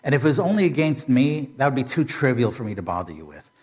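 A man voicing a young queen who pleads softly and earnestly. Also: mid-range voice, big pitch swings, quick pace, slightly rough.

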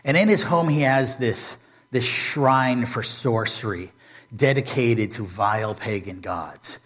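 A man retelling a Bible story as a preacher, animated and humorous, with modern comparisons. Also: medium pitch, slow pace. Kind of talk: storytelling sermon.

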